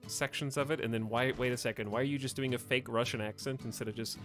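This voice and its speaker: A man's voice: medium pitch, fairly even intonation, fast, a bit bright, soft background music. A man streaming and chatting casually, giving rambling, opinionated takes full of fillers and restarts.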